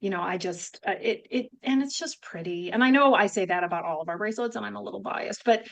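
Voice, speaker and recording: A woman's voice: mid-range voice, quick pace, creaky. A woman from upstate New York with a Northern accent, co-hosting a rambling, chatty conversation. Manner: chatty, rambling, many restarts and fillers. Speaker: podcast co-host. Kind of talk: casual chat.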